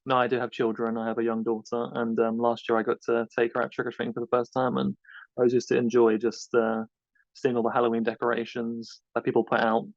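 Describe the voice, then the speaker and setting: Flat-voiced man, dull dry recording. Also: mid-range voice, fast, no room sound. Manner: rambling, loose and hesitant. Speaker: podcast co-host being interviewed. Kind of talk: casual interview answers.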